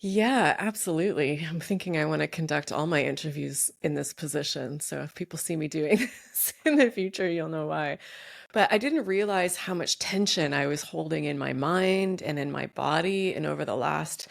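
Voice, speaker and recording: A woman host reflecting in a relaxed way during a video call interview. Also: sits low, moderate pace, creaky. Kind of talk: casual interview chat.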